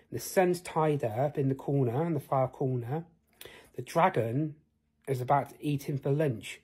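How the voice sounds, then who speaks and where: A man's voice: mid-range voice, unhurried, darkish tone, breathy edge. A man telling an improvised fantasy tale in a rambling way, asking the listener questions. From United Kingdom. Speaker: storyteller.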